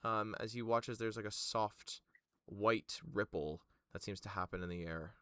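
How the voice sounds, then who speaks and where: A man narrating a tabletop game as game master, halting and full of fillers. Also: fairly low pitch, a bit bright, clear, resonant tone, no room sound, clean studio sound.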